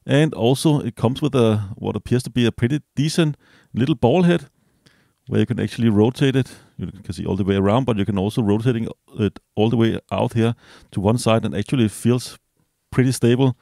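Gravelly-voiced man doing a relaxed unboxing. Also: medium pitch, fairly quick, no echo, studio quality. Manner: relaxed, hesitant, many fillers and self-corrections. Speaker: product reviewer. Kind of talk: casual unboxing review.

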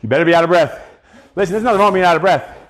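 A man's voice: high-pitched, rapid-fire, noisy background. A man coaching a live boxing cardio workout, counting reps and giving profane pep talks.

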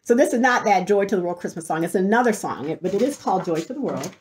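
A middle-aged woman hosting a show, telling a story in an animated way and often breaking into laughter. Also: medium pitch, fast talker, slight background noise. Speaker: host. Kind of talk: storytelling monologue.

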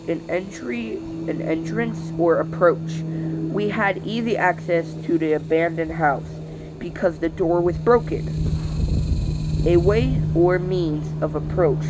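Slow, halting dictionary reader. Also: medium pitch, very noisy. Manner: halting, stumbling over words with weary sighs. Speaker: channel host reading aloud. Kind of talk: reading a dictionary aloud.

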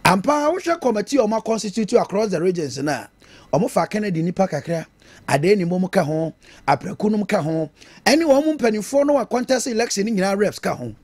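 Animated Ghanaian talk host. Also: male voice, high voice, fast talker, dry recording. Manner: animated, mixing Twi and English, laughing at his own jokes. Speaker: radio and TV talk show host. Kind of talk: political talk show commentary.

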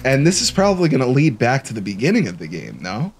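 A young man narrating his own horror game run with a lively, swooping voice that jumps from mutters to panicky yelps. He swears freely and sounds excitable throughout, with faint game music underneath. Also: medium pitch, quick pace. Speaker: gaming YouTuber. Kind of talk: horror game let's play commentary.

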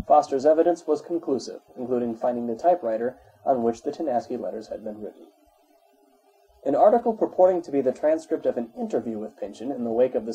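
A man reading an encyclopedia article aloud in a measured, even way. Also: mid-range voice, breathy edge, poor audio. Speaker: narrator.

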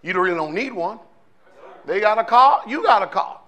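A man's voice: high-pitched, animated, fairly quick, pushed and bright, muffled recording. A male pastor preaching a sermon in a fiery, conversational way, firing off rhetorical questions to his congregation.

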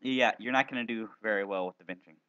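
A man playing a video game and commentating, excitable, playful, often yelping and exclaiming. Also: lowish voice, fast talker, muffled recording, crowd noise. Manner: silly, playful banter at other players. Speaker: gaming video host.

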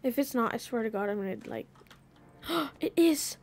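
A woman streaming a video game, chatting casually as she plays, swearing freely and now and then breaking into loud panicked yelling. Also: a little high, animated, moderate pace. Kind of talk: casual gaming commentary.

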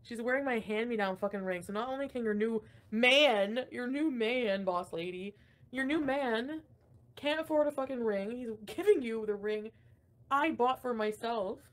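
A woman's voice: on the high side, moderate pace. A young woman hosting a casual livestream, ranting with frequent swearing and laughter while reading chat comments. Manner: profane, ranting, laughs often. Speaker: livestream host.

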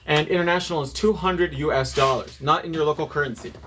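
High-voiced sassy man hosting a live sale. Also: fast talker, pushed and bright. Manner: sassy and playful, banters while reading out orders. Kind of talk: casual live-stream chat. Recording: noisy room with clicks.

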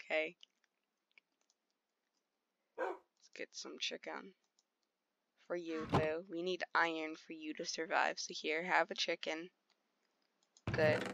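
A woman's voice: sits low, little pitch movement, slow pace, vocal fry, pauses often, a bit bright, dry recording. A woman giving casual, chatty commentary while playing a game, easily startled and talking to the animals around her. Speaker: gamer streaming play. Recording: dull lo-fi sound.

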